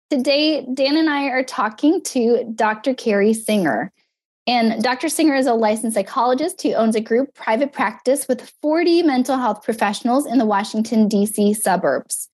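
A woman's voice: on the high side, moderate pace, darkish tone, breathy edge. A woman co-hosting a podcast, a licensed counselor who is losing her voice, reading out a guest introduction. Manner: friendly, reads the guest bio.

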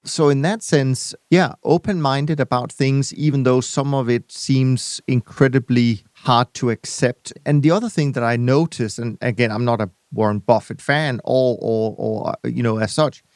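A man hosting a podcast, speaking in a measured, hesitant way as he searches for words. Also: medium pitch, a little mellow, no room sound, clean studio sound. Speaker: podcast host. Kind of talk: casual conversation.

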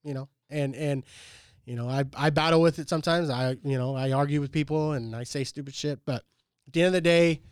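A man's voice: on the high side, a little fast, smooth, dry recording, clean studio sound. A man co-hosting a podcast, telling stories in a casual, profane, earnest way. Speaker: podcast co-host. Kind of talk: casual chat.

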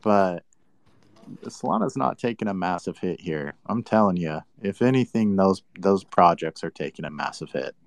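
Low-voiced man, combative and teasing, casual crypto talk, dry close sound. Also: animated, moderate pace, gravelly, no echo. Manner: combative, teasing, mock-annoyed. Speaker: crypto commentator.

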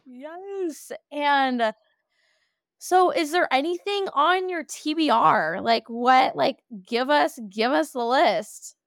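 A woman's voice: sits high, slow pace, gravelly, a bit bright, no echo, studio quality. A woman hosting a casual podcast interview, chatty and self-deprecating, with lots of "like" in her speech. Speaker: podcast host.

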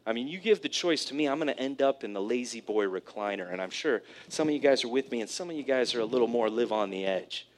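A man preaching a sermon, telling a personal story in an animated way, often checking in with "right?". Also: medium pitch, quick pace, hardly any pauses, a little hiss or hum. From California, USA. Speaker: pastor.

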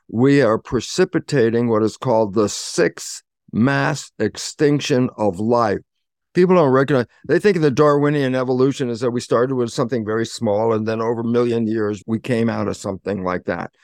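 A man, a guest in an interview, explaining in an animated way and acting out bits of dialogue. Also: medium pitch, moderate pace, no echo, studio quality. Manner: animated, acts out dialogue in quotes. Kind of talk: conversational explaining.

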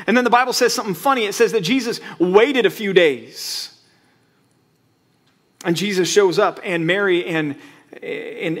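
A man preaching from the pulpit, his voice sitting a little higher than most men's. He talks in a conversational way, asks his listeners rhetorical questions, and acts out the quotes he tells. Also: a bit bright. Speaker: pastor. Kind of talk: sermon.

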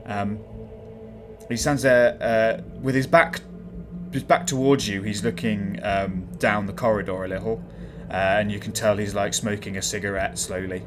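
A man's voice: fairly low pitch, fairly even intonation, normal speed, music in the background. A man narrating a tabletop game as game master, describing scenes with many small hesitations.

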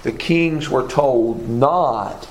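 A man's voice: medium pitch, extremely slow. A man leading a Bible class, reading scripture aloud and quizzing his students. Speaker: Bible study teacher. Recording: echoey room with faint noise.

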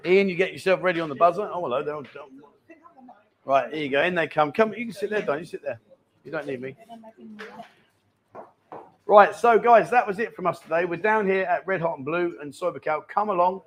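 Chatty male host, slightly high voice. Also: fairly quick, pauses often, a bit bright. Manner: chatty and jokey, reads out viewer questions. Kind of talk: casual live-stream chat. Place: indoor bar.

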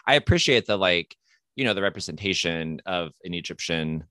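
A man co-hosting a podcast in casual chat, relaxed and halting, often restarting his sentences. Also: low-pitched, dry recording. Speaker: podcast co-host.

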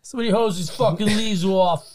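A man's voice: sits high, fairly quick, a little mellow. A man co-hosting a casual movie commentary, trading crude jokes and playful asides. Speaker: podcast co-host.

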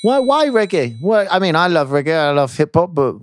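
A British man hosting a casual interview, blunt and cheerfully sweary, telling lively stories. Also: a little high, fairly quick, a crowd in the background. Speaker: podcast host.

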